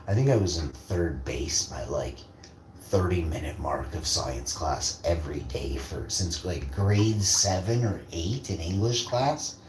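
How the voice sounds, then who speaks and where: A man tells rambling stories, swearing freely and bragging as he goes. He is recorded in an echoey room with a faint hiss of background noise. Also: low voice. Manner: profane, rambling, boastful. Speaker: vlogger. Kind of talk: casual storytelling rant.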